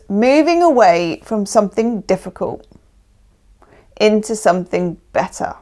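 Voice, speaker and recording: A chatty woman reads tarot cards in a casual monologue. Her voice sits at an ordinary pitch. She talks emphatically and keeps checking in with the listener. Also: a little mellow. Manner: chatty, emphatic, often adds "okay?". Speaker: tarot reader.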